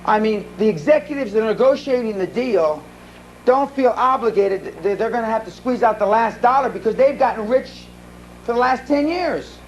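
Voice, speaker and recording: A man's voice: high voice, lively intonation, moderate pace, highs cut off, a little hiss or hum. A man giving a live seminar talk, telling blunt, profane stories full of restarts. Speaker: seminar speaker. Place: seminar room.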